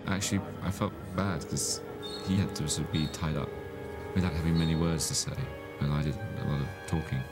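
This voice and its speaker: A man, an actor, speaking in a measured, thoughtful way about playing a villain. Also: a bass voice, steady tone. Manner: thoughtful, measured, searches for words. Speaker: actor interviewed about his villain role. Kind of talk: reflective interview. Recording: interview with music under it.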